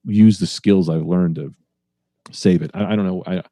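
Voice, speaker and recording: A man with a lowish, mellow voice that sounds close and dry, telling a long story as a guest on a podcast. He rambles, swears freely and pokes fun at himself, with plenty of fillers and restarts. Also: steady tone, moderate pace, dry recording. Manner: rambling, profane, self-deprecating storyteller. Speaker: comedian guest.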